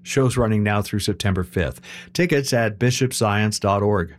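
Low-voiced classical radio announcer. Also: male voice, normal speed.

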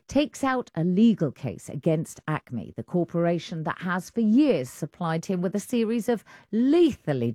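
A woman with an English accent presenting a radio arts show, reading clear scripted links and chatting with a colleague. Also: low-pitched, dark tone, no echo, studio quality. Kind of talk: broadcast presenting.

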